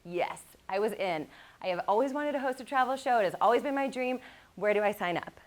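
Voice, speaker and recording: A woman giving a live motivational talk, telling lively personal stories with frequent laughs and speaking directly to the audience. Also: mid-range voice, brisk. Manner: animated storytelling, laughs often, addresses the crowd.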